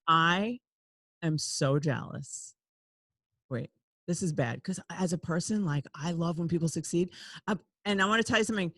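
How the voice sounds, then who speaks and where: A woman hosts a podcast, speaking candidly and confessing things while laughing often. She swings between loud outbursts and hushed asides. Her voice is on the low side at a moderate pace, with no echo.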